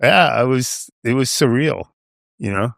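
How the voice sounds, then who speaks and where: A man's voice: mid-range voice, animated, unhurried, vocal fry, a bit bright, no room sound, studio quality. A man in his seventies from Long Island, telling a story as a podcast guest, rambling and dropping "you know" and "right?" all the way through. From Long Island, New York. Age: 70s. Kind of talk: casual storytelling.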